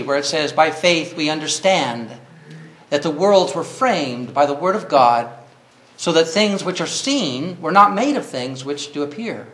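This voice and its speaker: A man's voice: fairly high pitch, a bit bright, roomy sound. A man preaching a sermon earnestly, reading scripture and rising to cries when he quotes.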